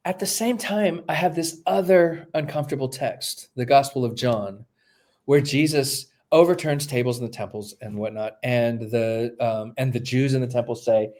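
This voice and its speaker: Guesting on a podcast, a New Testament scholar with a middle-pitched, darkish voice explains ancient texts at a moderate pace. He walks through them step by step like a lecture, thinking aloud with frequent fillers and false starts.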